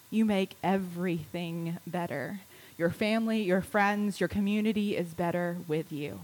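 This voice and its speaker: Lady pastor preaching in church, goes soft then punchy, middle pitch. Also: low-quality recording. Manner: intimate, repetitive preaching with soft lows and emphatic rises. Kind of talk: sermon.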